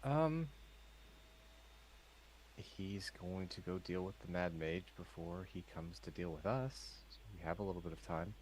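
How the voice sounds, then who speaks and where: A man playing a tabletop game, speaking in a relaxed, matter-of-fact way. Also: low-pitched, measured pace, slight background noise, rough recording. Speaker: player.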